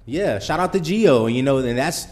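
A man's voice: mid-range voice, animated, moderate pace, a little mellow. Chill podcast host guy, mid voice, agrees a lot, trails off. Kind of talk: casual podcast chat.

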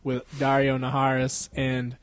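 A man's voice: medium pitch, monotone, measured pace, smooth, dry recording. Young male podcast host, profane and slangy, laughing, dry recording. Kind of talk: casual chat.

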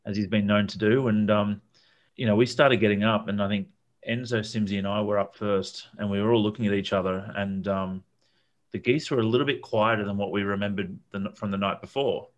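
Man, low voice, rambling anecdote with plenty of ums and restarts. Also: steady tone, a little fast, lo-fi sound. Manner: rambling, with many fillers and repeated words. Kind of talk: casual storytelling chat.

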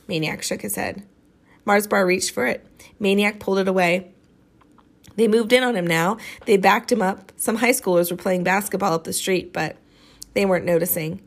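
A woman reading a novel aloud, expressive and dramatic in her storytelling. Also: medium pitch, normal speed, creaky. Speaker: audiobook reader.

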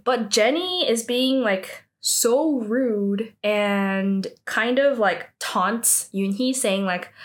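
A woman casually recapping a drama plot, chatty and peppering her talk with "like". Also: mid-range voice. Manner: chatty, heavy use of 'like' fillers.

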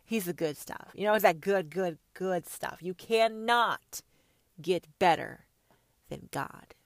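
A woman hosting a profane, confrontational monologue, preaching hard at her listeners and swinging between shouts and hushed whispers. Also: fairly low pitch, unhurried, no echo, clean studio sound. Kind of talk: ranting monologue.

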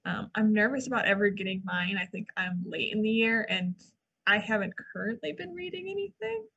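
A woman library staffer co-hosting a casual podcast, reading event listings and adding quick asides. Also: medium pitch, animated, gravelly, bright, forceful tone, breathy edge, dull audio. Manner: chatty, reads listings then adds quick asides. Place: old brick library building.

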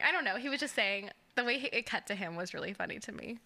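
Bright-voiced young woman, animated chat. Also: mid-range voice, fast. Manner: animated, laughs often, acts out quotes. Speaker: podcast co-host. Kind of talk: casual chat recapping a reality show.

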